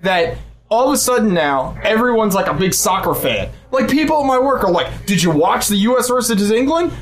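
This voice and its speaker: A man's voice: sits high, expressive, moderate pace, slight background noise. A young man from the United States hosting a podcast, ranting sarcastically and swearing constantly in casual chat. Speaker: podcast host.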